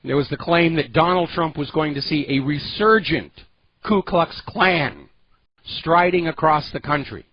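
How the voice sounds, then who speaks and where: A man's voice: on the high side, animated, measured pace, no echo, dull audio. A man hosting a political talk radio show, delivering an opinionated, sarcastic monologue with heavy emphasis.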